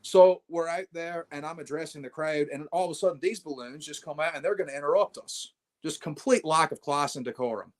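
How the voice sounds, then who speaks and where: A man's voice: on the high side, fairly quick, few pauses. A brash young man, a wrestling champion, telling swaggering stories in a casual interview and calling people mate.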